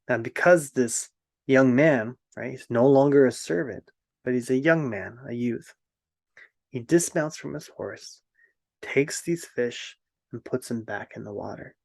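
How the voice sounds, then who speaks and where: A man tells an old fairy tale in a gentle, reflective manner, then muses on its meaning. His voice sits in a middle male register. The sound is dry and close, with no room echo. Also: medium pitch. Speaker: storyteller.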